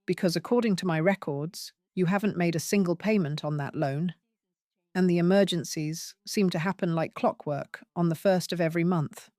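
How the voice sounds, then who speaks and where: A woman voicing a hurt but firm older widowed mother, questioning pointedly in a low voice. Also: moderate pace, warm tone, dry recording, studio quality, lightly acted. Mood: confronting.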